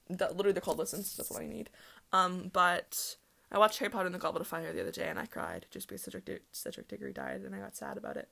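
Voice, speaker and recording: A young woman hosts her own solo podcast, chatting casually and rambling with lots of ums and restarts. Her mid-range voice is animated, racing, creaky, and a bit bright.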